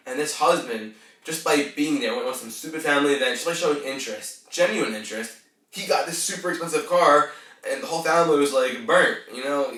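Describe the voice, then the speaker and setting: A man's voice: medium pitch, fairly quick, bright, forceful tone. A man hosting a podcast, talking casually in a coaching tone, swearing now and then and tending to mumble. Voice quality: tends to mumble. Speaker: podcast host. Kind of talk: casual self-help monologue. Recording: roomy, distant from the mic.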